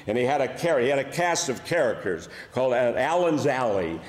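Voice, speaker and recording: Here a Buffalo-born older man, a comedian with a Buffalo, New York accent, spins humorous tales capped with dry punchlines. He talks briskly in a mid-range voice with big swings in pitch, and the large church hall around him gives an echoey sound with long reverb.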